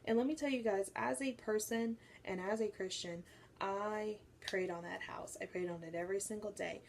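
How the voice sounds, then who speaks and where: A young woman telling a personal faith story to her viewers, animated and acting out what people said. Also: mid-range voice, moderate pace, vocal fry, a little hiss or hum. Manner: animated storytelling, acts out quoted voices. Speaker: faith vlogger. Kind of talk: personal testimony to camera.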